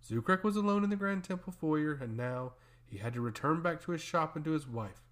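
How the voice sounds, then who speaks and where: Man narrating a fantasy story with lively pitch. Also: brisk.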